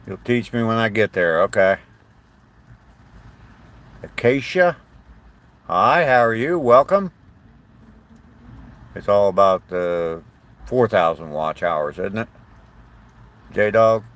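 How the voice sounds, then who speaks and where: Older guy from southern ohio, little southern twang, deep voice, chatty livestream host talking to chat. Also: slow pace, pauses often. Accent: slight southern twang. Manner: chatty, rambling, friendly to chat. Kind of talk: casual live-stream chat with viewers.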